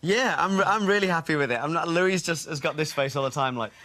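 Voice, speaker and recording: A man's voice: fairly high pitch, brisk, sharp tone. A man, a dancer guest, talking playfully and laughing often. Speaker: professional dance partner guest. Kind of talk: casual chat.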